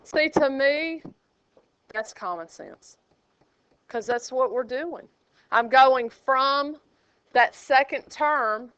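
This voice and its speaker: A woman leads a math class in a high voice, joking with her students. She talks slowly and leaves room between her questions. The classroom recording sounds dull and lo-fi. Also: a bit bright, clean tone. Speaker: math teacher. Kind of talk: classroom teaching.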